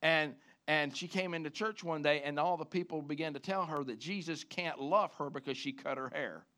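A man's voice: on the high side, moderate pace. A male pastor delivering an emphatic sermon to a congregation in church. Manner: emphatic, rising to loud preaching.

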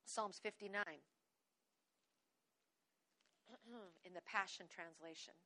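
A woman preaching a sermon with exuberance, often breaking into laughter and reading scripture slowly. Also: mid-range voice, bright, forceful tone.

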